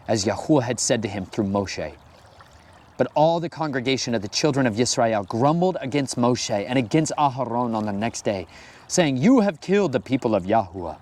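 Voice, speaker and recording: Lively, animated man preaching. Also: mid-range voice. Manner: animated and conversational, with frequent "like". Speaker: Bible teacher. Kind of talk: scripture reading with sermon commentary.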